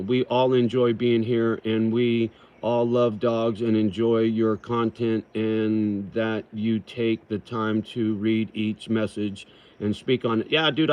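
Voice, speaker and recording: Rough-spoken man reading livestream chat. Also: lowish voice, dull audio. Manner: rough-spoken, swears, calls viewers brother; reads comments slowly aloud.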